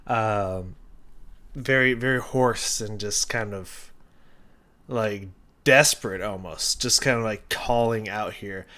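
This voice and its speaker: Male reaction host, casual song breakdown, halting and rambling, restarts often. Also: on the low side, sharp tone. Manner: rambling, thinking aloud with many restarts and fillers. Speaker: music reaction youtuber.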